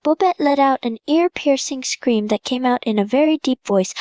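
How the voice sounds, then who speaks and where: High-voiced woman reading a story aloud, bouncy, dry close sound. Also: moderate pace, a little mellow, dry recording. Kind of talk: storytelling narration.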